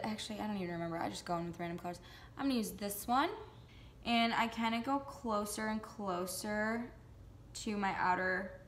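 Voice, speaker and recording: A woman's voice: mid-range voice, a bit bright, a little hiss or hum. A young adult woman chatting casually through a makeup tutorial, with goofy joking asides. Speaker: beauty vlogger.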